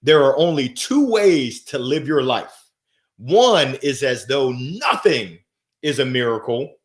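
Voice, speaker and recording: A man hosting a motivational livestream, talking with playful energy and giving shout-outs to viewers. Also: medium pitch, lively intonation, takes it slowly. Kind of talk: upbeat motivational livestream talk. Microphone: gold microphone.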